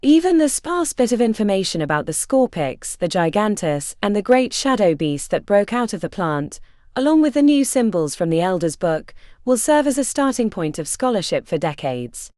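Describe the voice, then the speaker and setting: A woman's voice: medium pitch, sing-song, normal speed, darkish tone, no echo, studio quality, close to an everyday voice. A woman voicing a male professor delivering a formal speech to guests.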